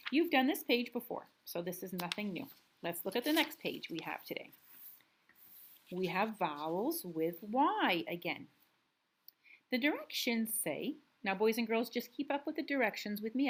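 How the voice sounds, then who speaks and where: A woman's voice: mid-range voice, expressive. A woman teacher reading a worksheet aloud to young students, drawing out words and talking patiently. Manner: slow, deliberate reading with drawn-out words; patient, encouraging classroom tone. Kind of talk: recorded remote lesson for young students.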